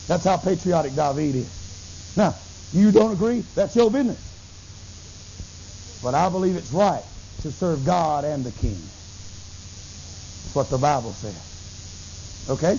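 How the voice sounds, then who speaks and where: A middle-aged man preaching a sermon, telling a story with lively acted-out dialogue. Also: sits high, normal speed, pauses often. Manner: animated storytelling, acts out dialogue, bursts into tongues. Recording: dull lo-fi recording with faint hiss.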